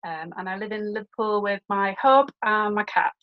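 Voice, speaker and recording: A woman's voice: medium pitch, normal speed. Chatty woman, muffled line. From born in England, raised in Birkenhead. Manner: chatty, explanatory, many fillers. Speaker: guest, humanist celebrant. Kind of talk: casual podcast interview.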